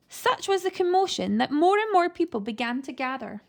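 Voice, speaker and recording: A woman reading a children's book aloud with animated, expressive storytelling. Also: high-pitched, moderate pace, gravelly, few pauses. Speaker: reader.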